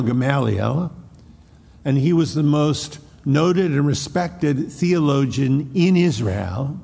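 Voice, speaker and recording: Man, preacher, gravelly, husky, storytelling sermon, long reverb. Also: mid-range voice, darkish tone. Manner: storytelling, frequent restarts, acts out quotes. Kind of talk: expository sermon.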